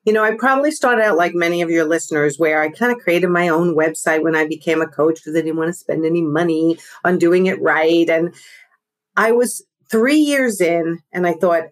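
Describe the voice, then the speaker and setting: A middle-aged woman with a New York accent, a business coach talking fast and energetically in a podcast interview, laughing often. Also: lowish voice.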